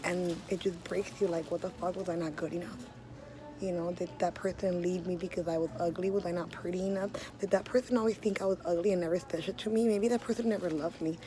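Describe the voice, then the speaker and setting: A young woman from the Los area, an artist telling her own story in blunt, profane words, loud one moment and hushed the next. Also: lowish voice, fairly even intonation, fast talker, hardly any pauses. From Los Angeles area. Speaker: street artist. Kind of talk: candid personal storytelling.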